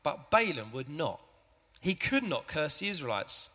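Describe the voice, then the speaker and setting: A man's voice: on the high side, measured pace, long reverb tail. A man, a church leader narrating a Bible story to a family audience and chatting with the listeners. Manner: lively, chatty, addresses the audience. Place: church hall.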